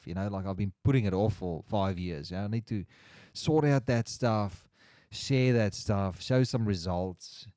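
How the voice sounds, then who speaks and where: A man's voice: fairly low pitch, warm tone, no echo, clean studio sound. A man hosting a casual livestream chat, rambling and restarting his sentences as he reads the chat aloud. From Australia. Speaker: livestream host.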